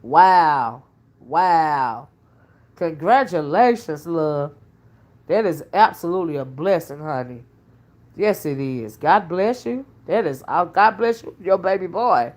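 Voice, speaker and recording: This livestream host, a self-styled oracle, has a fairly low, darkish, expressive voice and speaks at a slow pace. At home cooking dinner, she reads viewer comments in folksy chat, calling people honey and child and thanking them by name.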